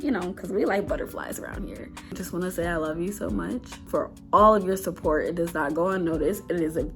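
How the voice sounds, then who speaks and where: A woman's voice: on the low side, a little fast, gravelly, faint music behind. A woman in her twenties, talking candidly and emotionally to her viewers, close to tears and laughing nervously. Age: 20s. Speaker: vlogger. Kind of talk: personal talk to camera.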